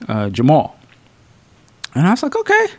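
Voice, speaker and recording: A man hosting a podcast, reviewing a film in casual, slangy, profane chat with animated storytelling. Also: medium pitch, moderate pace, dry recording. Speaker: podcast host.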